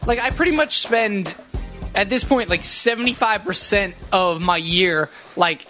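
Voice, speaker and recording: Bright, high-voiced man chatting casually. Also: a little slow, faint music behind. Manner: filler-heavy, with lots of "like". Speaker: podcast co-host. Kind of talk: casual comedic chat.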